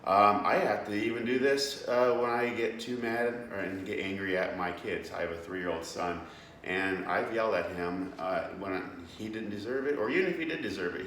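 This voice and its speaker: A man's voice: low-pitched, normal speed, a bit bright, recorded from a distance. A young man giving a casual devotional talk as host, earnest and plain-spoken, with many fillers and restarts. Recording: echoey room, away from the mic, faint background noise.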